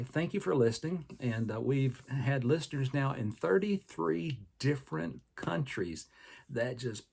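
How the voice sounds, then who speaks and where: A man's voice: mid-range voice, gravelly, a little mellow. An older man with a Southern American accent, hosting a podcast in a folksy, rambling monologue full of fillers. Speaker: podcast host and personal trainer.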